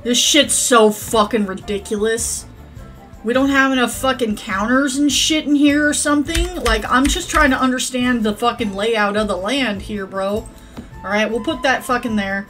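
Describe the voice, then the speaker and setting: Bright, foul-mouthed woman narrating gameplay. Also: a little high, normal speed, soft background music. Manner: profane, rambling, chatty. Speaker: gaming channel host. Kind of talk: casual gameplay commentary.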